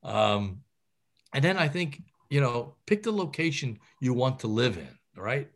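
A man's voice: mid-range voice, big pitch swings, a little slow. A middle-aged man, a surgeon, gives career advice in an interview, talking animatedly with many fillers and restarts.

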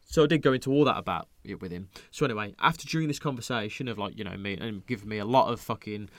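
A man's voice: fairly low pitch, fast, no echo. A young man hosting a podcast, talking in a rambling, sweary way and acting out the lines he quotes. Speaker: podcast host. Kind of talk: casual podcast chat.

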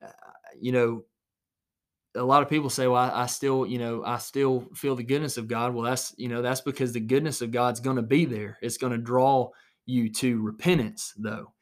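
A man's voice: mid-range voice, steady tone, moderate pace. A man preaching an earnest recorded sermon alone in his small office, repeating phrases for emphasis.

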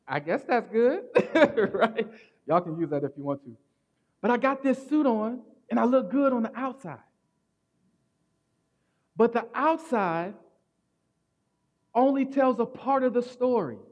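A man preaching a sermon as pastor, telling stories in an animated way that swings from loud to hushed. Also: sits high, highs cut off.

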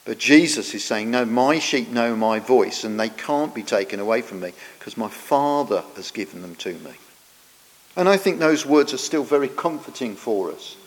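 A man preaches, explaining scripture in an earnest, teaching way. His phrases often sink quieter as they end. His voice rings out with a long reverb, as in a large church. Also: medium pitch, lively intonation, moderate pace. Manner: earnest, explanatory, drops softer at the ends of phrases. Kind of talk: sermon.

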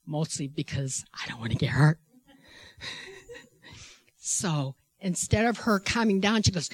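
A woman who works in healthcare tells a personal faith testimony in an animated way. She laughs often and acts out the people she quotes. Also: sits low, a little slow, long pauses, husky, dry recording. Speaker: healthcare worker.

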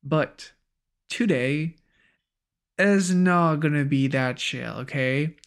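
A man's voice: fairly high pitch, slow pace, clean tone. A young French man with a French accent hosting a podcast in an upbeat, casual way, laughing easily. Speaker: podcast host.

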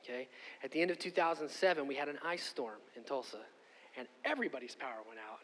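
A middle-aged man preaching a sermon and telling a personal story, conversational and animated, often asking "okay?". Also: mid-range voice, fast, slight background noise. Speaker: pastor. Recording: long hall reverb.

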